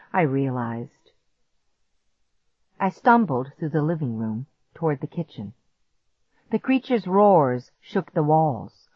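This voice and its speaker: A woman's voice: low-pitched, sing-song, measured pace, slightly rough, no room sound. A woman narrating a first-person suspense story in a dramatic reading style, in dry, slightly dull lo-fi audio.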